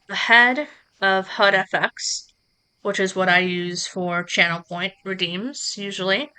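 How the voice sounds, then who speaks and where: A woman streamer walking her viewers through streaming software in a relaxed, chatty live tutorial, talking into a close microphone at her home setup. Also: medium pitch, smooth. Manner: relaxed, chatty explaining with asides to chat.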